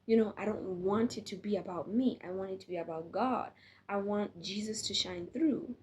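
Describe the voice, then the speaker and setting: A woman's voice: mid-range voice, moderate pace, a little mellow. A tired young woman talking casually to camera as a faith vlogger, earnest and encouraging, with frequent restarts. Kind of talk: casual direct-to-camera talk.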